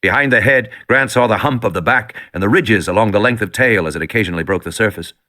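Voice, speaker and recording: A man's voice: lowish voice, quick pace, bright, forceful tone. A man reading an audiobook with dramatic, tension-building storytelling. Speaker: audiobook narrator. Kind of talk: scripted narration.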